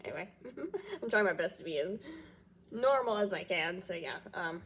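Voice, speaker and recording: A woman's voice: medium pitch, lively intonation, moderate pace, a bit bright, slightly rough. A woman talking casually in a fan reaction vlog, congested and a bit nasal, rambling with lots of fillers and frequent giggles. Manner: rambling, with frequent fillers and loops back on itself; giggles often between thoughts. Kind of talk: casual chat reacting to TV news.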